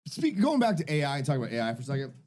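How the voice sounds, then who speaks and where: A man's voice: mid-range voice, wildly swooping pitch, racing, a little mellow. A man co-hosting a podcast, telling rambling, profane stories in casual chat. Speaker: podcast co-host.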